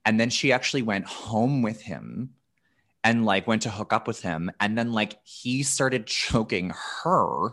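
A man's voice: lowish voice, animated, measured pace, fairly bright tone. A man in his thirties, a podcast guest telling candid, profane stories in casual chat, often restarting his phrases.

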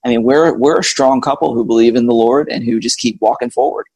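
A man in his forties, a guest telling a candid, animated personal story about meeting his wife. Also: mid-range voice, a little fast, breathy edge, no echo.

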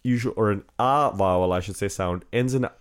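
A man's voice: on the low side, brisk, clean tone. A man with a cold, co-hosting a casual podcast chat, joking and rambling with lots of fillers. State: has a cold. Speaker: podcast co-host.

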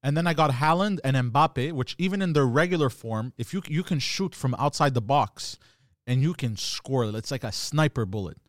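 A man's voice: mid-range voice, lively intonation, moderate pace, no room sound, studio quality. Laid-back man in casual chat. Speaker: podcast co-host.

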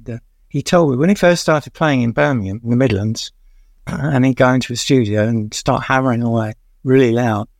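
Guesting on an interview, an older veteran music journalist shares meandering stories in a medium-pitched, gravelly voice full of fry. Frequent "uh" pauses and chuckles at his own tangents fill the close, dry recording, which has no echo.

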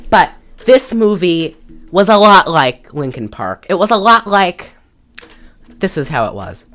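Woman, low voice, lively swinging pitch, casual profane storyteller. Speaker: podcast co-host. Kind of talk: casual chat.

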